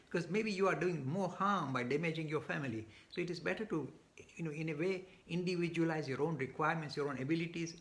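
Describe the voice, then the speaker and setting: A man's voice: a little high, vocal fry. A man answering audience questions in a live online talk, speaking emphatically with frequent restarts and repeated words. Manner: gets worked up.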